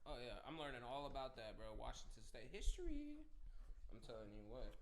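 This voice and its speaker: A man's voice: medium pitch, very animated, brisk. Young male co-host, mid-range voice, loose profane banter, frequent laughs. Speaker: podcast co-host. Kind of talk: casual chat.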